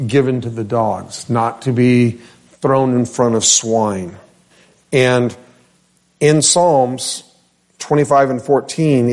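Slow-talking guy pastor, chatty bible lesson, asks the crowd stuff and names folks. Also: medium pitch, a little mellow. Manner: unhurried, addresses listeners by name, asks questions of the room. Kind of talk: conversational Bible teaching. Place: church.

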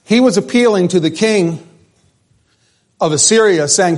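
A man's voice: high-pitched, measured pace, long pauses. A man preaching a sermon in a conversational way, often asking the congregation questions. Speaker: pastor.

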